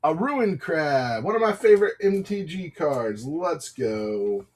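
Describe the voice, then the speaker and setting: A man's voice: on the high side, sing-song, slow, darkish tone. A man hosting a live card sale, chatting casually, apologizing and talking through pack openings in an upbeat way. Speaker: livestream card seller. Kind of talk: casual live-selling chat.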